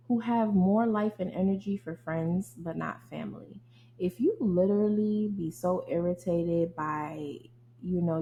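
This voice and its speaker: A woman's voice: lowish voice, slight background noise, low-quality recording. A young woman hosting a podcast, venting bluntly and with lots of profanity in a casual rant. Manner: blunt, profane, animated venting, addresses listeners as y'all. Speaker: podcast host. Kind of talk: casual ranting monologue.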